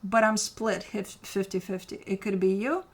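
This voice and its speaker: A woman's voice: medium pitch, fairly even intonation, normal speed. A woman giving a casual tarot reading, speaking candidly and directly to the viewer, swearing freely and arguing with imagined objections. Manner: argues with imagined objections to make a point. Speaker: tarot reader.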